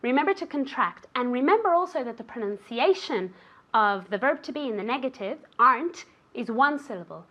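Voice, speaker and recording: This woman's fairly high, somewhat bright voice moves at a brisk, animated clip as she leads an English lesson on a show. Her frequent "okay?" at the end of phrases checks in with the student and home viewers, and her manner stays encouraging throughout.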